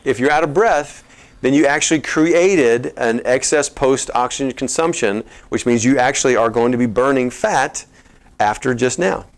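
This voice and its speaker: Energetic Texan man, health talk to a live crowd, joking coach energy. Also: on the high side. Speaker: chiropractor giving a health talk. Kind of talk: lively seminar talk to a live audience.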